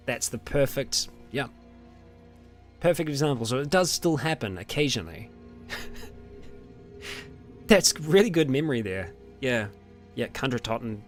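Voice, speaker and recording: A young man with an Australian or New Zealand accent, hosting a casual question-and-answer chat with his viewers, relaxed and rambling with lots of ums and small laughs. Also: medium pitch. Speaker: roleplay channel host answering viewer questions.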